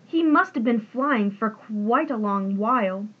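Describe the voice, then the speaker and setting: Reader: woman, high breathy voice, slow sing-song rhymes, dull lo-fi recording. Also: expressive. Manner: sing-song rhyming delivery. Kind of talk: rhyming storybook read-aloud.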